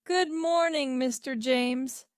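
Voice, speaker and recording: Woman reading cheerful young man, short brisk replies, slow, dry sound, storybook. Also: fairly high pitch, dry recording. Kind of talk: graded reader story narration.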